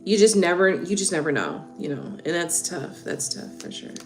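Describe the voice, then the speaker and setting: A woman reading tarot on a livestream, chatting casually and warmly with viewers, laughing and getting emotional. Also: on the low side, very animated, moderate pace. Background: soft background music.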